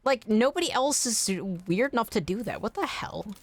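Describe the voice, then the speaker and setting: An American woman chatting casually on a game stream, animated, swearing freely and laughing often. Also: fairly high pitch, normal speed. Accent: General American. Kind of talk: casual chat while streaming.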